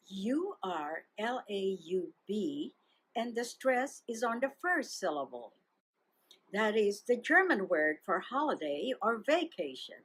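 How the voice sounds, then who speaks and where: A woman's voice: fairly high pitch, big pitch swings, a bit bright, slightly rough, faint music behind. A woman hosting a radio German lesson, repeating words and phrases for listeners. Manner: slow, drawn-out drill with repeated phrases. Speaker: German language segment host.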